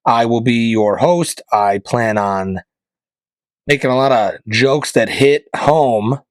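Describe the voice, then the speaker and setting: Rambling deadpan podcast host, dry close mic. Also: male voice, mid-range voice, slow, dry recording. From northeastern Pennsylvania. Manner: deadpan joking, rambling asides. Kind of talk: casual comedic monologue.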